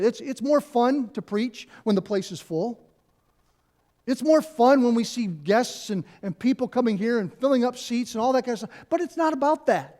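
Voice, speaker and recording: A man's voice: very high-pitched, darkish tone. A middle-aged man, a pastor, preaching a conversational sermon in a church, repeating key phrases and adding asides. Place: church sanctuary.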